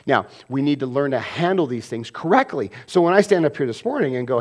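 A man preaching a sermon as pastor, animated, acting out quoted voices and swinging from loud bursts to hushed asides. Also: mid-range voice, quick pace, few pauses.

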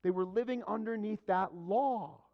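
A man delivering a sermon in a fairly high voice, teaching in a casual way and asking the congregation question after question. The recording sounds dull and lo-fi. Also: moderate pace, vocal fry. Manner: conversational preaching with rhetorical questions. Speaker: pastor.

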